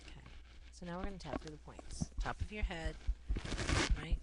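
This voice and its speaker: Low-voiced woman guiding a tapping session. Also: moderate pace, long pauses. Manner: repetitive statements, rising into emphatic anger phrases. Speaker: tapping guide. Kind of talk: guided tapping script, spoken for listener to repeat. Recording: audible background hiss and clicks.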